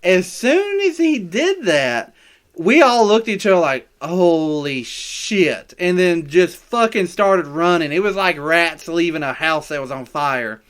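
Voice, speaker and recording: A man's voice: on the high side, expressive, measured pace, fairly bright tone, clean tone. A man co-hosting a podcast, telling rambling stories in casual chat, stumbling over his words and swearing often. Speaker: podcast co-host.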